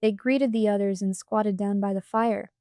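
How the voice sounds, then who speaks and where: A woman reading a storybook audiobook aloud in a calm, measured way on a close microphone. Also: mid-range voice, no echo. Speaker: audiobook reader.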